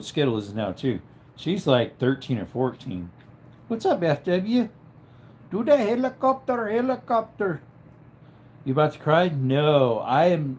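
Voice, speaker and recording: A worn-out livestream host, nursing a headache in bed at home, reads out viewer comments and chats casually, his drowsy, low-key delivery trailing away. The tone is a little mellow, and a faint hiss or hum can be heard.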